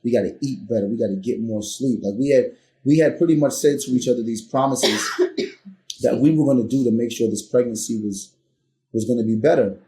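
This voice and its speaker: A man's voice: medium pitch, fairly quick. Earnest man telling a story, roomy. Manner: earnest, builds to loud re-enacted arguments. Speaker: podcast guest. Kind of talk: candid storytelling.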